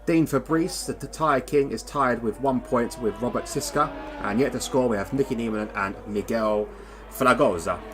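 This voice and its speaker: A man's voice: medium pitch, normal speed, few pauses, over music. A man hosting live sim-racing commentary, chatty and rambling, reading out standings with self-deprecating asides. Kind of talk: live esports race commentary.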